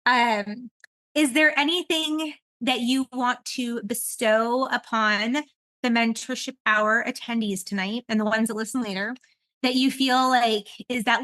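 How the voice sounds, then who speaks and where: Brief: woman podcast host, bright and a little high, talks in loose rambling chat with lots of laughs. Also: measured pace, dry recording. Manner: rambling and animated, with frequent laughter. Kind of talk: casual conversational podcast chat.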